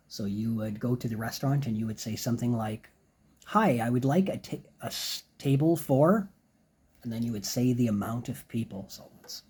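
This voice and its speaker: Mellow, husky male English teacher. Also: mid-range voice. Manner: explains phrases, then acts them out slowly. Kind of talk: casual spoken lesson.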